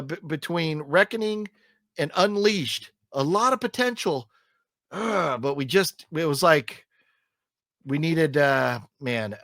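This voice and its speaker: In a relaxed film review conversation, a male co-host rambles with lots of fillers and restarts and complains emphatically. His voice is a little high with a fairly bright tone, recorded dry at studio quality.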